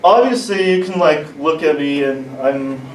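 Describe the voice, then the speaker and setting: Open-mic male comic, stammering restarts, slightly high voice; recorded from far off in a roomy little club. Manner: halting, stumbling delivery with many restarts. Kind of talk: stand-up comedy set. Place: small comedy club, indoors. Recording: echoey club, distant mic, room noise.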